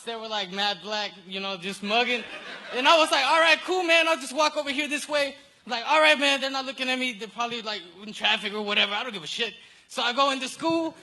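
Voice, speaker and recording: A man of twenty-one doing his first stand-up set, loud and full of swearing, with shouted bursts. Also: very high voice. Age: 20s. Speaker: first-time stand-up comedian. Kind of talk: frantic stand-up storytelling. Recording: live club with crowd noise.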